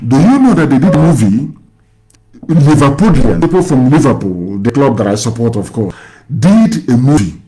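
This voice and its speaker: A man from Nigeria leads a casual call-in conversation. He lectures in long stretches and keeps asking his listener whether he knows things. His voice sits at an ordinary middle pitch. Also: warm tone, rough recording. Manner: lecturing, asks rhetorical questions. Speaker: radio host.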